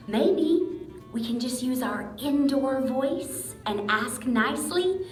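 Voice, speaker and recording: A woman reading a picture book aloud to young children in a slow, animated storytelling voice, speaking to them directly. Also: fairly high pitch. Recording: echoey room.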